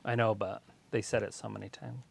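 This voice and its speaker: Gravelly-voiced man, chatty and animated. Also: lowish voice, brisk, a little hiss or hum. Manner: animated storyteller, swears freely, sings off-key snippets. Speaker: co-host of a wrestling watch-along stream. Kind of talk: casual live-stream chat.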